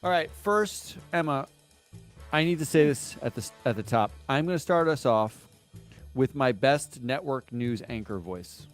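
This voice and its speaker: A man's voice: moderate pace, soft background music. Snarky man doing mock news. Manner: snarky, deadpan with lively pitch swings. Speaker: comedy business news host. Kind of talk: satirical news banter with mock anchor delivery.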